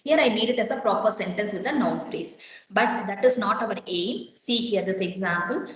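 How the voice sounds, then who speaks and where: A woman lecturer teaches a class, walking through each point and putting repeated questions to her students. Her voice is mid-pitched and rings around a very echoey classroom. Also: moderate pace, fairly bright tone. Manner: explains step by step and quizzes students with repeated questions.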